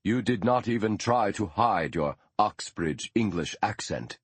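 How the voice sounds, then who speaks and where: A man reading the part of a calm, wise Lakota man who speaks slowly and gravely. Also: fairly low pitch, no room sound, pitched above the performer's own voice.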